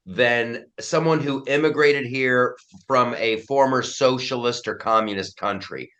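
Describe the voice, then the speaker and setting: A middle-aged man talks as a guest in a relaxed interview, his delivery emphatic and full of restarts. His voice sits at an ordinary pitch for a man. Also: a little slow, hardly any pauses. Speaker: guest comedian and commentator. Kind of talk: casual interview chat.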